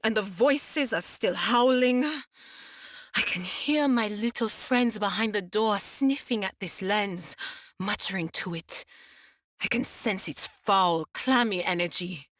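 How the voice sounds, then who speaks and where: A woman's voice: medium pitch, slow pace, fairly bright tone, no room sound, studio quality. An actress playing a nervous female psyker who hears whispering voices, wry and laughing to herself. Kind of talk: video game voice acting.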